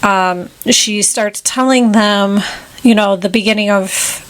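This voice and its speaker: A woman's voice: mid-range voice, steady tone, slow pace, clear, resonant tone. A woman co-hosting a podcast, casually recapping a film and quoting characters in playful voices. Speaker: podcast co-host.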